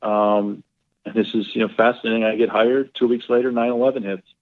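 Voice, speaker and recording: A low-pitched man telling rambling, animated stories, with plenty of ums and you-knows. His voice comes through a narrow, tinny phone line, as a podcast guest recalling his golf career. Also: a little fast. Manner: rambling, animated storyteller with many fillers. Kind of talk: casual storytelling interview.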